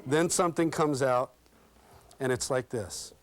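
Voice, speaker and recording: A man leading an interview skills workshop, talking in a lively, interactive way and acting out examples with his audience. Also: mid-range voice, unhurried. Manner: lively and interactive, checks in with "okay?" constantly; folksy and animated, acts out examples. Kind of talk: live workshop talk with role-play demonstrations.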